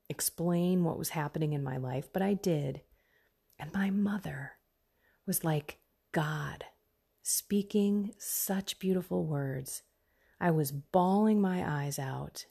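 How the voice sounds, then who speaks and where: A middle-aged woman hosting a faith podcast, giving an earnest pep talk that often drops into soft whispers. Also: low-pitched. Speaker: podcast host.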